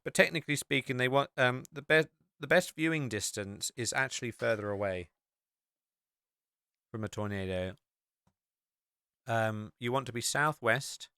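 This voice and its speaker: A man's voice: mid-range voice, normal speed, long pauses, bright, forceful tone, clear, resonant tone, no echo, studio quality. An English man hosting a podcast, chatting casually and rambling with many fillers while he walks through a map on screen. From England. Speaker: podcast host.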